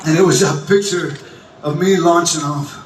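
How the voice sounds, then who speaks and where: Man, high voice, halting onstage storytelling, stage mic, booming festival PA heard from far off, crowd noise. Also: steady tone, roomy sound. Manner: halting, many restarts, laughing asides. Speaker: rock singer addressing festival crowd. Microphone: stage microphone through PA. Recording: distant crowd recording over loud PA.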